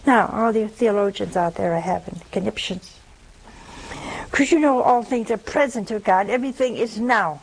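A woman's voice: medium pitch, moderate pace, creaky, slight background noise, low-quality recording. An older woman giving a sermon, telling humorous stories in a folksy way and acting out the dialogue. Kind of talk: sermon with storytelling.

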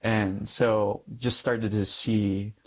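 A man's voice: lowish voice, little pitch movement, very slow. A young adult man, a Catholic priest, giving a personal testimony in conversation, acting out the dialogue in his story with frequent light laughs.

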